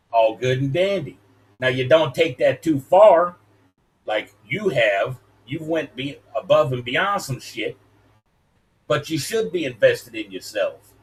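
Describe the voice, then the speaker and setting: A man ranting heatedly on a live stream, profane and preachy, with a wrestling-promo delivery. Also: medium pitch. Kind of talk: heated casual rant.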